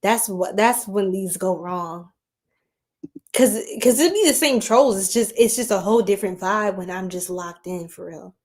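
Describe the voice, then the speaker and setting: A woman's voice: mid-range voice, moderate pace. Giggly tired woman livestreaming tarot. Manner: giggly, chatty, scattered and tired. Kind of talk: late-night livestream chat with viewers.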